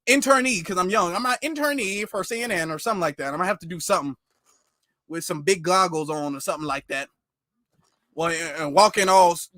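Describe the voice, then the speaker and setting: A man chatting casually on his livestream in a high, bright voice. He talks animatedly, keeps repeating himself and addresses his viewers as family. The sound is dry and close. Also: no room sound. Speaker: livestream host.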